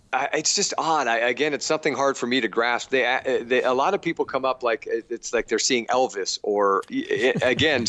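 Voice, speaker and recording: A middle-aged actor talking casually in an interview, self-deprecating and animated when he quotes others. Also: mid-range voice, no room sound.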